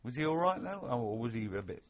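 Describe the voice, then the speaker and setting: Male interviewer, fast-talking, husky, halting questions, lo-fi recording. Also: mid-range voice, very animated. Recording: lo-fi dull recording.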